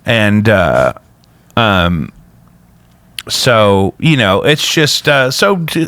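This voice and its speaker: A man's voice: sing-song, measured pace, fairly bright tone, no echo. A man hosting a casual podcast, rambling through stories with jokey asides. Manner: rambling, jokey, prone to sudden high-pitched bits. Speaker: podcast host. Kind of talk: casual chat.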